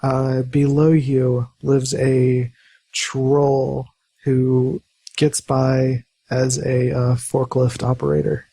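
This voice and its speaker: A man acting as game master of a tabletop role-playing game, talking in a relaxed, hesitant way with many fillers. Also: mid-range voice, very slow, husky, no echo.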